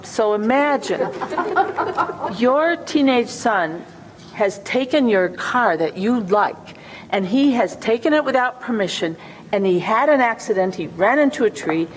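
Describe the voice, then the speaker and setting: A woman improvising a role-play as a career coach, speaking in a coaxing, mock-earnest way. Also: medium pitch. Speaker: workshop co-presenter. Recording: reverberant hall, faint hum.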